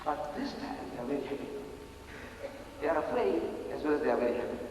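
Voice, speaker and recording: A man's voice: on the high side, sing-song, fast, a little hiss or hum. Older man lecturing in an echoey hall. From South Africa. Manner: emphatic, repeats phrases for effect; swings from loud exclamations to quiet asides. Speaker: Muslim public speaker. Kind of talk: public lecture to an audience. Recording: echoey hall recorded from a distance.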